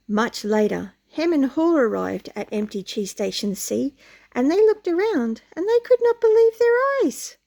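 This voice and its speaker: A woman reading a picture book aloud to children in an animated way, often pausing to ask the listener questions. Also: high-pitched. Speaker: storyteller.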